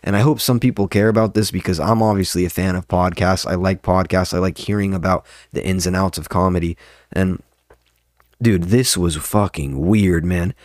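Young man, very low voice, rambling profane rant, dry close sound. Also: steady tone, normal speed, a little mellow, dry recording. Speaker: podcast host, open mic comedian. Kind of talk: casual monologue.

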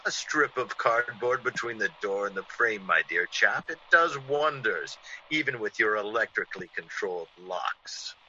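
The man's voice sits on the low side and sounds bright and forceful, with lively intonation at a moderate pace. He's an actor in a theatrical 1940s radio drama, playing a man who performs a vengeful ex-convict, menacingly, in a scene within the scene. The dull, lo-fi old radio recording has slight background noise.

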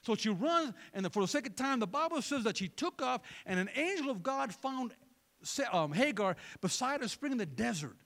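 Gravelly, animated male preacher. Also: very high-pitched, moderate pace. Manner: animated, joking asides to the congregation. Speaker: pastor. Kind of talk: sermon.

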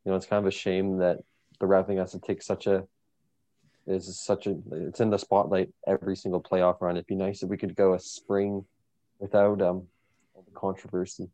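Man co-host, very low, mellow, even, measured. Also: no echo. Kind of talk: casual sports chat.

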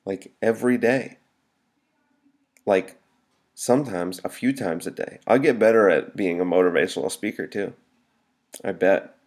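Rambling comedian ranting, low-voiced man. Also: a little mellow. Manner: rambling, joking, restarts mid-sentence. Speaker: comedian podcast host. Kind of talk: solo podcast rant.

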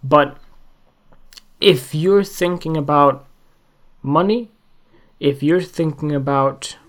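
A man's voice: on the high side, slow pace, fairly bright tone. Rambling, swearing man hosting a solo podcast. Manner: rambling, emphatic, swears often, asks the listener questions. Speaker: podcast host.

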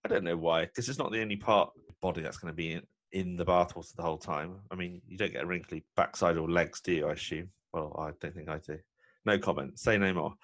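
A man's voice: deep voice, steady tone, fast talker, a bit bright. A man hosting a podcast in casual, jokey chat. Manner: chatty, jokey, self-deprecating. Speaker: podcast host.

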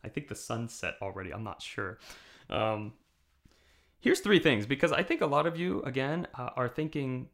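A male pastor with a gravelly, creaky voice gives a recorded sermon to camera. He talks conversationally, checks in with his listeners as he goes, and swells into fervent emphasis. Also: medium pitch, lively intonation, normal speed, a bit bright. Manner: conversational preaching, rising to impassioned emphasis; frequent checking "okay?" with listeners. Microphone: camera mic.

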